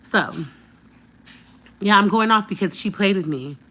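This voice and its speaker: A woman's voice: medium pitch, expressive, measured pace, a bit bright. A woman in her fifties telling a heated story to her viewers, blunt and profane. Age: 50s. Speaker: vlogger.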